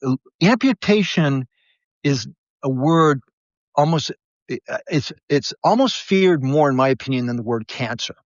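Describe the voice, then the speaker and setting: As the interviewee, a podiatrist with a mid-range voice shares stories in an animated, earnest way, speaking at a measured pace and frequently starting sentences over. The conversation is captured dry and slightly muffled, with no echo.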